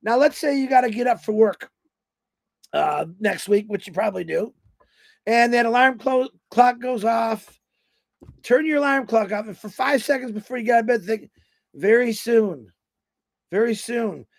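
Man in his fifties, very high pitch with a gravelly edge; folksy, rambling motivational speaker. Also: moderate pace, no echo. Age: 50s. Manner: folksy, storytelling, acts out quoted voices. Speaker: motivational speaker on a company livestream.

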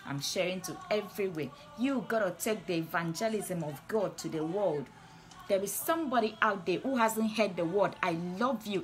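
A woman preaching and praying on a livestream, with fervent, repetitive declarations. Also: fairly low pitch. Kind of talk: livestream sermon and prayer. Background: soft music.

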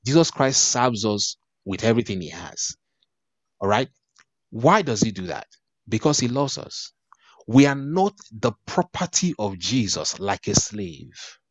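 A man's voice: mid-range voice, sing-song, unhurried, dry recording. A man preaching a sermon, emphatic, with repeated phrases and frequent restarts. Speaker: pastor.

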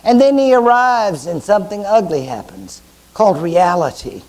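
A man's voice: high voice, very animated, normal speed, darkish tone. A man with a Southern US accent giving a university history lecture, chatty and wry, asking the class rhetorical questions.

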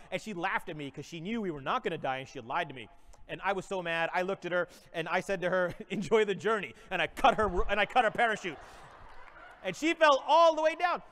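A man with a high voice rattles off an improvised comic motivational story at a brisk clip. He is a playful keynote speaker in his forties. His voice rings out with the long reverb of a large conference hall. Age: 40s. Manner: energetic, playful storyteller who often breaks into laughter.

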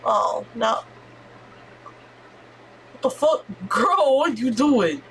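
A woman streamer giving excitable let's-play commentary, squealing and swearing as she reacts. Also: a little high, extremely slow, slight background noise.

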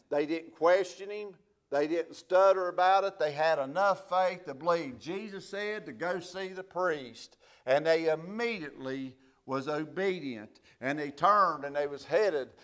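Slow preaching man, higher voice. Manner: slow, swells from quiet reading to loud preaching. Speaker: pastor. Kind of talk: sermon.

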